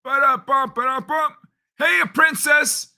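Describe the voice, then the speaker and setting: Man doing a goofy high plumber impression, loud and bright, pure ham. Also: fairly even intonation, a little slow, full character voice. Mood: playful. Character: goofy Italian plumber, cheerful, high and bouncy.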